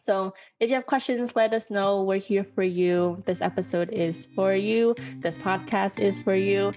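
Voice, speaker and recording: A woman's voice: mid-range voice, a little slow, a little mellow, faint music behind. A woman co-hosting a casual podcast, talking in an encouraging way with small fillers. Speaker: podcast co-host, sonography student.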